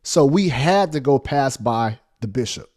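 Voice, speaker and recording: A man telling a story in a casual monologue, repeating phrases for emphasis. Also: unhurried. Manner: animated, acts out quotes with big pitch jumps.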